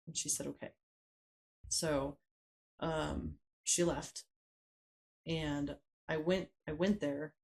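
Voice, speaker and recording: A woman with a low, gravelly voice speaks as a guest in a conversational interview. She tells her story haltingly and often pauses to search for words. Her delivery is unscripted and personal. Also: steady tone, darkish tone, low-quality recording. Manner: hesitant, many pauses and fillers. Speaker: podcast guest.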